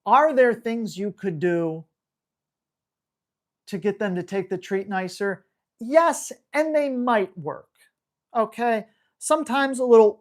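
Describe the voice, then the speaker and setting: A woman dog trainer answering viewer questions on a live stream, in a brisk, slangy and blunt way. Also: fairly high pitch, lively intonation. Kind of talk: live Q&A, casual coaching.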